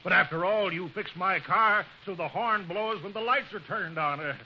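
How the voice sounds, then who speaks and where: An actor playing a pompous male baritone singer in a 1940s radio sitcom, formal and then smug. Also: animated, normal speed, lightly acted. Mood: stern. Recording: dull old radio broadcast with faint hiss.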